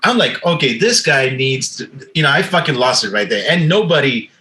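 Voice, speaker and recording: A man's voice: mid-range voice, a little fast, poor audio. A man telling a bar story in casual podcast chat, profane and acting out what people said. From Canada. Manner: animated, profane, acts out quotes. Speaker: podcast host.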